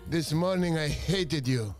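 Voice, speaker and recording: A middle-aged man hosting a fishing livestream, exuberant and loud, shouting viewers' names and joking with his wife. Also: fairly high pitch, unhurried, music in the background. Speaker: fishing show host. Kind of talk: excitable livestream chat.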